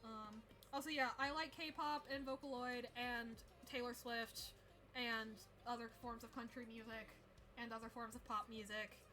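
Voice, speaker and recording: A young woman hosting a live art stream, her voice high and bright as she chats casually. She gushes and giggles easily, swearing now and then. Music plays faintly behind her. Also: unhurried. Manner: excitable, gushing, laughs often, swears casually. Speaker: VTuber streamer and rigging artist.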